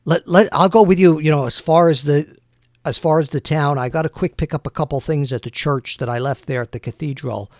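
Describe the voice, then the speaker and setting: A man voicing an adult male cursed man who speaks in a halting, worried way. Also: a little high, no echo, clean studio sound, lightly acted.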